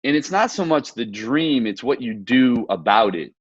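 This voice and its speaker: A man's voice: medium pitch, animated, moderate pace, husky, dry recording, highs cut off. Earnest man hosting a casual chat. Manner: earnest, reflective, storytelling with quoted asides. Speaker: podcast host. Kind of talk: casual video-call conversation.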